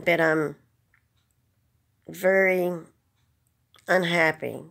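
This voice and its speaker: Woman, low-pitched, slow, fighting back tears, earnest. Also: vocal fry. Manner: earnest, pleading, plain-spoken. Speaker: vlogger. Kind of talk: emotional direct-to-camera message.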